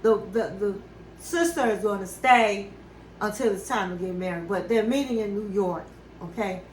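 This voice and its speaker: A woman's voice: mid-range voice, normal speed, roomy sound, a little hiss or hum, rough recording. A woman hosting a casual reality-TV recap, telling the story in a chatty, gossipy way with side comments. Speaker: recap show host.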